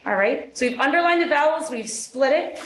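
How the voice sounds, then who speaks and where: A woman teacher leading a classroom phonics demonstration with brisk quizzing questions and quick praise. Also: sits high, expressive, a little hiss or hum. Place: meeting room. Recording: echoey room.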